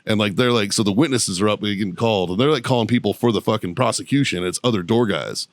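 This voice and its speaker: A man's voice: lowish voice, dry recording, clean studio sound. A man, a podcast guest, telling a story in casual, profane chat and laughing often as he talks. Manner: profane, laughing, rapid anecdotal retelling. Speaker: podcast guest, show producer.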